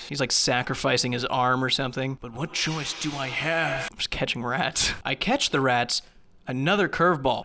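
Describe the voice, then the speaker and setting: Sarcastic, ranting man with bright voice. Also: fairly high pitch. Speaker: gaming commentary host. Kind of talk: comedic game commentary.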